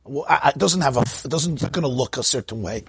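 A man's voice: medium pitch, quick pace, no room sound. A man teaching an informal Torah talk at a gathering, telling stories, laughing often and mixing in Hebrew and Yiddish terms. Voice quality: husky. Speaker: rabbi teaching.

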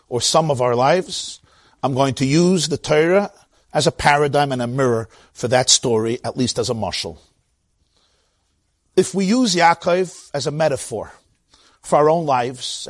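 A man with a Brooklyn accent giving an animated Torah lecture, acting out the voices in the stories he tells. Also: a little high, dry recording, clean studio sound. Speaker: teacher of Torah.

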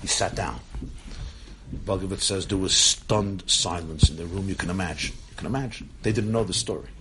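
Low-voiced man telling a story. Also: normal speed, slight background noise. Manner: animated storyteller, acting out quoted voices. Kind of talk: storytelling talk.

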